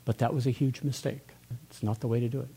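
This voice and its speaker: A man's voice: medium pitch, fairly even intonation, fast, gravelly, dark tone, slightly rough. An older man talking earnestly in a church discussion, musing aloud with restarts.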